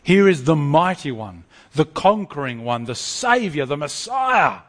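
A man preaches to a congregation. His fairly high voice leaps up and down in pitch. He often stumbles and restarts his phrases as he talks. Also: a little slow, in a large hall. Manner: lively, animated, stammering restarts. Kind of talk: sermon.

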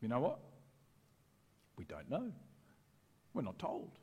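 A man preaching a sermon in a conversational, animated way, often acting out the voices of people in the story. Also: medium pitch, takes it slowly, gravelly, slightly rough, big-room sound. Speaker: pastor.

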